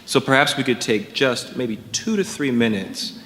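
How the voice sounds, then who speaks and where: A man's voice: medium pitch, animated, moderate pace. Courteous male moderator in a hall. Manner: courteous, gently guiding. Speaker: panel moderator. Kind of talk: moderating a panel. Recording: long hall reverb with faint noise.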